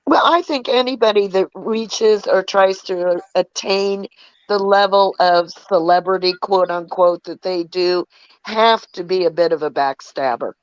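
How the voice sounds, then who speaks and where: A woman's voice: fairly low pitch, a little slow, clean tone, no room sound, dull audio. A woman from the United States calling into a live stream, sharing her opinions in a casual, reflective way. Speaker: caller.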